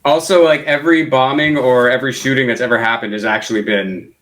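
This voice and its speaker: Young guy cohost, deadpan jokes, easygoing chat. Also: medium pitch, fast, slight background noise. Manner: joking, deadpan banter. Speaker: podcast co-host, guitarist. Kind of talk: casual chat.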